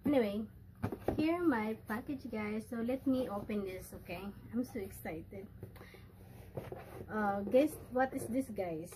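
A woman with a Filipino accent, chatting excitedly and slipping in Tagalog words while unboxing a package for her vlog in a room indoors. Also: on the high side, a little slow, noisy background. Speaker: vlogger.

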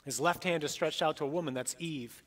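A middle-aged man, a priest, preaching a sermon with emphatic, dramatic delivery that swings between loud peaks and soft drops. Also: on the high side, a little fast.

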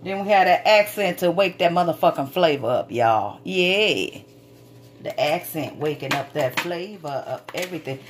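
Woman hosting a relaxed home cooking video, talking warmly and loosely to her viewers with the odd curse. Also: low-pitched, normal speed, few pauses, a little hiss or hum. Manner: chatty, folksy, calls viewers sweet babies, swears casually. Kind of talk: casual cooking demonstration. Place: home kitchen.

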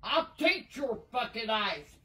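Cussing old granny, squeaky high voice, sharp and bright, hollers a lot. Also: female voice, very animated, slow pace. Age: older. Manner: foul-mouthed, yelling, cackling. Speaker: prank video grandma. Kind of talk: profane prank video banter.

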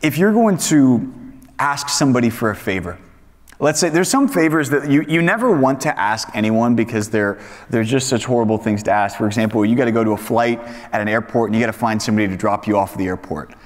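A man teaching a Bible study, reading scripture and praying, then explaining it in an animated way, acting out the voices in his examples. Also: lowish voice, fast talker. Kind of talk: sermon. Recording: hall reverb.

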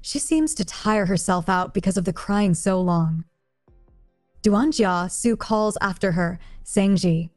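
A woman's voice: mid-range voice, a little slow. Woman narrating an audiobook over faint music. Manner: plain, even read-aloud delivery in short sentences. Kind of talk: reading a translated novel aloud.

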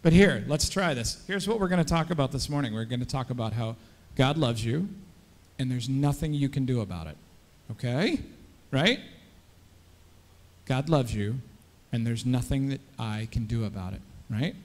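A man's voice: mid-range voice, lively intonation, normal speed. A man leading a children's message in church as pastor, coaxing the kids with many friendly questions. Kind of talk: children's sermon. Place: church sanctuary. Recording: long church hall reverb.

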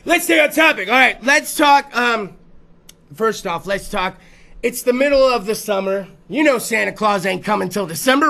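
A man's voice: high-pitched, expressive, normal speed, gravelly, bright, forceful tone. A man hosting a talk show, riffing through rowdy, profane comedic bits and putting on voices for the stories. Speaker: podcast host.

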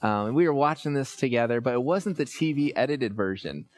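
A man's voice: mid-range voice, lively intonation, a little fast, dry recording. A man in his thirties, a church pastor, preaching a sermon in a conversational, storytelling way with frequent fillers.

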